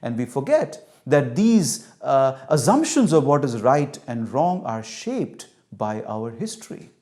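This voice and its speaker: A man giving a lecture on cultural values. He teaches through an animated story and acts out the dialogue. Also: medium pitch, unhurried. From India. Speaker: cultural intelligence trainer.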